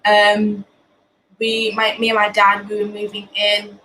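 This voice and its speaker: A young woman from Britain, hosting a live show from home and talking candidly with many pauses and restarts. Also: mid-range voice, monotone, sharp tone, soft background music, poor audio. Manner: earnest, many ums and restarts. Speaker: host of a live talk show. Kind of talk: candid personal talk.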